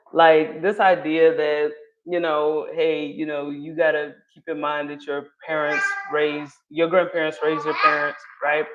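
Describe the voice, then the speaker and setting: A woman's voice: sits low, muffled recording. A woman in her thirties giving casual commentary on a clip, talking in a chatty way with many fillers and frequent laughs. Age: 30s. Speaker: vlogger reacting to a clip.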